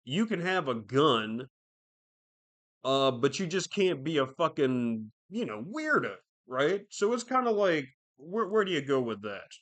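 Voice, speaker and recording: A man's voice: a little high, big pitch swings, measured pace, fairly bright tone. A man hosting a podcast alone, rambling through casual commentary with constant swearing and fillers. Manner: profane, rambling, lots of fillers. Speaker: podcast host.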